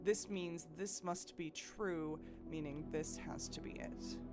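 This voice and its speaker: A woman's voice: deep voice, steady tone, slow pace, over loud music. A woman streaming a puzzle game live, thinking aloud and chatting with her viewers, with frequent restarts. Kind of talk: live gameplay commentary.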